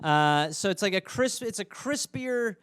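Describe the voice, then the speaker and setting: A man hosting a podcast on his own, chatting casually in a rambling, joking way and sometimes putting on quick squeaky voices. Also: expressive, a bit bright, clean tone, dry recording, studio quality. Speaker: podcast host. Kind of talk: casual solo podcast chat.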